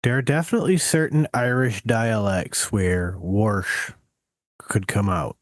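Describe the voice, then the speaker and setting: A man's voice: fairly low pitch, expressive, moderate pace, dry recording, studio quality. A man co-hosting a podcast in casual chat, emphatic and insistent, swearing offhandedly. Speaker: podcast co-host.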